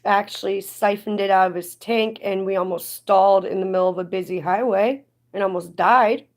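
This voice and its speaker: A woman's voice: medium pitch, fairly even intonation, moderate pace. A woman chatting casually on a live stream, rambling and getting indignant at times. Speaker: livestreamer.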